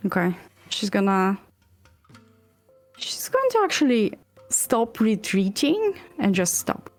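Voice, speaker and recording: A woman's voice: mid-range voice, very animated, takes it slowly, faint music behind. A woman playing a tabletop game, casually describing her character's actions. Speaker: player.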